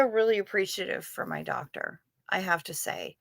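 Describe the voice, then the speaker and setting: A woman's voice: medium pitch, lively intonation, moderate pace, vocal fry, a bit bright, no room sound. A middle-aged woman hosting a casual livestream, chatting with viewers in a wry, self-deprecating way. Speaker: livestream host. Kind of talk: casual livestream chat reading chat.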